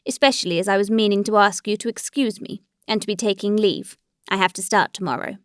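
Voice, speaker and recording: A cold and wounded aristocratic husband speaks in measured, formal phrases, read by a woman narrator. Beneath the stiffness there is bitterness. The recording is dry and close-miked. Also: medium pitch, steady tone, no room sound, lightly acted.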